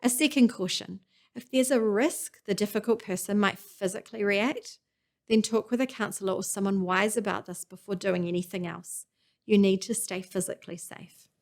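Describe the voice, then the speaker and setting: A woman gives a scripted teaching talk in a calm, earnest way. Her pitch sits in the middle of the usual range for a woman. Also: moderate pace. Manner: calm, earnest, acts out example lines. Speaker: presenter.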